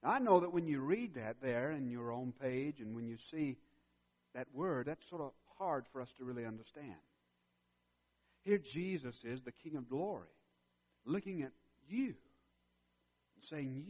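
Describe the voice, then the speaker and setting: Emphatic male pastor in a reverberant hall. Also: on the high side. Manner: emphatic, repeats key phrases, builds in intensity. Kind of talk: sermon. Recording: dull recording with long hall reverb.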